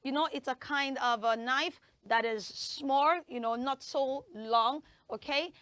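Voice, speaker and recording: A woman with a Nigerian English accent hosts a children's TV show in a studio, teaching pronunciation. Her high, slightly bright voice moves a little slowly as she coaxes kids in an upbeat way and drills words for them to repeat. The recording is dry.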